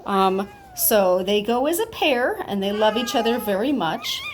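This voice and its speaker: A woman's voice: mid-range voice, wildly swooping pitch, a little slow, slight background noise. A woman chatting casually in an adoption video, talking up kittens and cooing baby talk to them, with cats meowing nearby at home. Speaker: cat foster and adoption volunteer.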